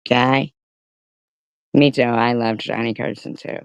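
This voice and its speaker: Middle-aged woman, gravelly and dry; a profane, mocking commentary host who rambles into chatty stories. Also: rumbling low, fairly even intonation, moderate pace, dry recording. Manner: chatty storytelling. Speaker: live-stream commentary host. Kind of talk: ranting live-stream commentary.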